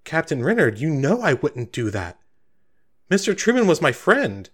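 Man playing a young woman guard, high, stammering, earnest, wounded. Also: huge pitch swings, moderate pace, fairly bright tone, slightly rough, exaggerated voice. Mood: offended. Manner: shocked, stammering protests. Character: young female town guard, earnest and flustered.

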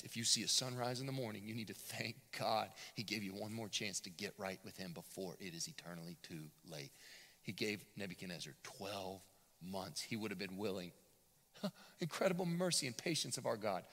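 Man, pastor, sermon, bright and gravelly voice, lively pitch, long hall reverb. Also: a little fast. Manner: animated, dramatic, conversational.

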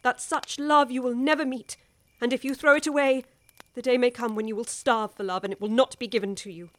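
A woman's voice: a little high, steady tone, fairly quick, lightly acted. Mrs Erlynne, an actress playing an impassioned older woman. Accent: English. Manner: impassioned, pleading, urgent. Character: worldly older woman pleading with a young wife. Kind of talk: radio drama acting.

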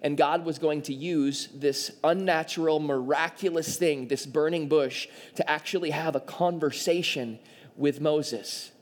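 Pastor guy preaching, pretty high voice, lively, acts out the characters as he goes. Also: measured pace. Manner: animated, acts out quoted voices. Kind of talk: sermon.

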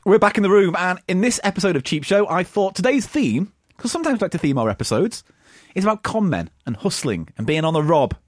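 A man's voice: high-pitched, quick pace. A man hosting a crude comedy podcast, teasing his co-hosts and laughing often. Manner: laughing, mocking, animated. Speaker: podcast host.

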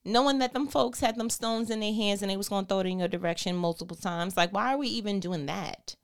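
A woman hosting a faith podcast, reading a Bible passage and then riffing on it in a playful, slangy, animated way. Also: medium pitch, fast talker. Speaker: podcast host. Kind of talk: Bible reading and casual commentary.

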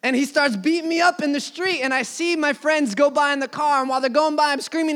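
A young man preaching a sermon, telling a personal story earnestly, his voice dropping low and soft then rising loud. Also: quick pace, hardly any pauses.

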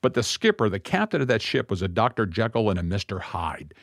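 A middle-aged man, a Messianic rabbi, telling a personal story as a sermon in an earnest, reflective way, with pauses and restarts. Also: fairly low pitch, very animated, dry recording, studio quality.

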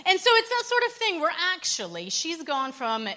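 During a panel conversation, a woman who works in church poverty support tells stories in an earnest, animated way. She speaks at a moderate pace in a very high-pitched voice.

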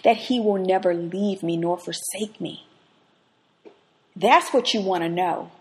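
Expressive woman giving devotional teaching. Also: lowish voice, unhurried. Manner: expressive, swings from hushed reflection to lively anecdote. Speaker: podcast host and Bible teacher. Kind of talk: devotional teaching with personal storytelling.

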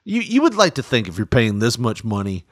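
A man's voice: mid-range voice, a little fast, dry recording, clean studio sound. A man hosting a casual comedic chat. He laughs often and slips into mocking impressions. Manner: laughs a lot, animated, does mocking impressions.

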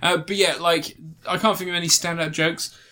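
A man's voice: fairly high pitch, steady tone, normal speed, pushed and bright. A man, chatting casually as a podcast co-host, rambling and joking as he searches for words. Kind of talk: casual chat.

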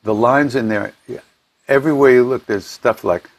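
Over a home computer mic, a man hosts an online gathering, telling spiritual stories in a rambling, casual way. He restarts his sentences often, speaking in a mid-range voice at a moderate pace.

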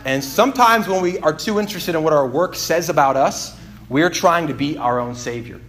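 A man's voice: on the high side, normal speed, a bit bright, a little hiss or hum. A male pastor giving a casual, confessional sermon, self-deprecating and rambling, with lots of fillers and restarts. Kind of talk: conversational sermon.

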